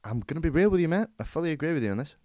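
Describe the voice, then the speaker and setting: A man's voice: fairly high pitch, big pitch swings, dark tone, no echo, studio quality. A young man co-hosting a podcast, teasing and arguing his point in casual chat. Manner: quick, teasing, argumentative. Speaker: podcast co-host.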